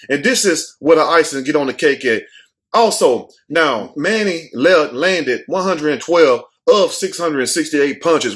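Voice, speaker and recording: A man hosting his own show, giving blunt, casual commentary, swearing freely and acting out what others said. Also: on the high side. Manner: blunt, animated, swears freely, acts out quotes. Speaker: host.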